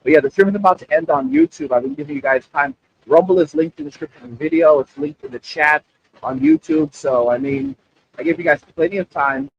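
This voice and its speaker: A high, gravelly, husky man hosts a livestream and talks straight to his chat. His pitch swings widely, and he keeps repeating himself as he rambles. The stream audio sounds dull and lo-fi. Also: fairly quick. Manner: animated, repetitive, addresses chat directly. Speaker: livestream host. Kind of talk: casual livestream commentary.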